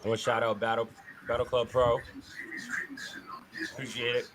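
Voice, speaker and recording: Excitable man over loud crowd noise. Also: mid-range voice, moderate pace. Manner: excitable, joking, gives shout-outs. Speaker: podcast co-host. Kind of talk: casual wrestling watch-along chat.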